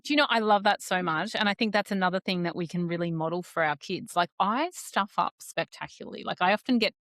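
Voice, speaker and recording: A woman's voice: fairly low pitch, fast, fairly bright tone, dry recording, clean studio sound. A woman, a parenting educator talking frankly as a guest on a casual podcast, often tagging her points with questions. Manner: frank, conversational, fond of tag questions.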